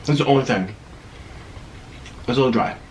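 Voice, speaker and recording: A man's voice: medium pitch, moderate pace, slight background noise. A man hosting an eating vlog, chatting through a dramatic story between mouthfuls. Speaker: vlogger.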